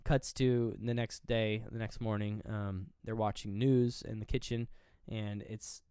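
A man's voice: lowish voice, flat delivery, a little slow, dark tone, clear, resonant tone, no room sound, clean studio sound. A man co-hosting a casual movie review podcast, retelling scenes in a loose, rambling way full of fillers and acting out the characters' lines. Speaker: podcast co-host.

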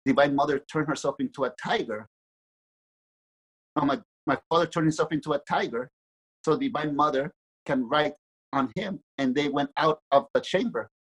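A man, a spiritual teacher, telling a dream story in an interview with gentle, lively storytelling. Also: a little high, breathy edge, low-quality recording.

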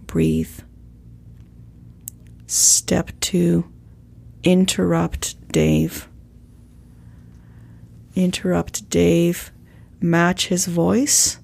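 Woman coach, calm and measured, low voice, slow delivery. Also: gravelly, husky. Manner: calm, measured, acts out sample lines. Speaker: communication coach. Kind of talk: instructional talk with role-play examples.

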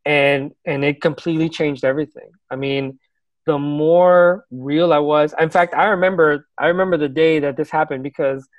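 A man with a slightly high voice tells his own story in an unhurried, heartfelt way, as a teacher looking back on his classroom. He sounds reflective and sincere and laughs lightly here and there. The recording is close and dry, with no room sound. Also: no room sound, muffled recording. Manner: earnest, reflective, laughs now and then. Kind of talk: casual personal storytelling.

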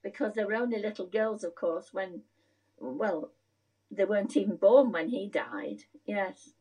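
A woman's voice: mid-range voice, animated, unhurried, darkish tone, husky, rough recording. An older woman reminiscing in a casual conversation, telling a rambling family story and searching for words.

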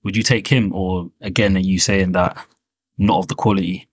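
Low-voiced man chatting about football. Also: steady tone, normal speed, slightly rough, no room sound, clean studio sound. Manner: upbeat, rambling with fillers like man. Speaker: podcast guest pundit. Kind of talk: casual football chat.

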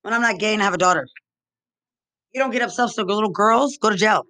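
A woman's voice: medium pitch, quick pace, sharp tone. A woman from Texas delivering an angry, rambling monologue full of repeated accusations and profanity. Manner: agitated, accusatory, repetitive, profane.

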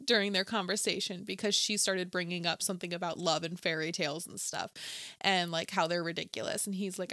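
A young woman chatting casually about an old movie, acting out lines with lively reactions. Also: on the low side, a little fast, dry recording, studio quality. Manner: animated, acts out quotes. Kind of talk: casual movie review chat.

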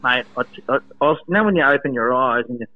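An Australian man calling in to a radio show from home, telling stories in an animated way, laughing often and acting out quotes. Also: medium pitch, quick pace. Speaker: guest, former lifeguard. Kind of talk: casual storytelling on a radio call. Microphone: phone. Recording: tinny phone line.

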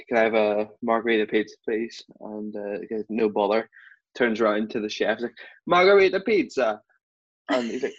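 A man hosting a casual chat, joking around and telling stories. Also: medium pitch. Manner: joking, storytelling. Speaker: host. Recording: dull lo-fi recording.

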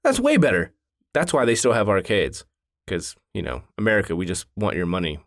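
A man's voice: low-pitched, expressive, fairly quick, fairly bright tone, no echo, clean studio sound. A man in his thirties co-hosting a podcast, telling stories in casual chat in a sarcastic, profane way. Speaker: podcast co-host.

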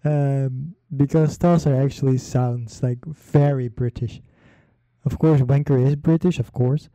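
Male host, unhurried solo chat, very dark mellow voice, dry close sound, rambling with fillers. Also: mid-range voice, no echo. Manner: rambling, many fillers and pauses; slow, relaxed delivery. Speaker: podcast host. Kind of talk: casual solo talk.

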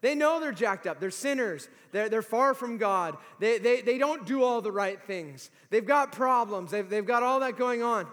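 Brief: high-voiced male preacher, chatty and emphatic, long hall reverb. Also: moderate pace, few pauses. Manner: conversational, animated, emphatic. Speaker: pastor. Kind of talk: sermon. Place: large hall or church.

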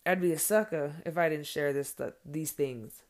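A woman's voice: low voice, normal speed, darkish tone. Earnest plain-spoken mother vlogging. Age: adult with children. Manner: earnest, blunt, swears freely, many fillers. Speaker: vlogger addressing followers. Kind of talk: heartfelt direct-to-camera monologue.

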